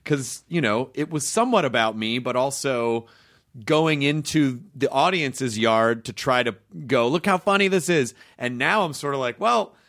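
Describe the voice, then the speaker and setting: Relaxed man hosting a chat. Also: medium pitch, measured pace. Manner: relaxed, swears casually. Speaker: podcast host. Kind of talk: casual conversation.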